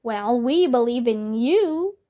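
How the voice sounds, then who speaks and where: A woman voicing the calm, teasing ghost of a bald male school principal in a children's storybook read-aloud. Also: on the high side, takes it slowly. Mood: coaxing.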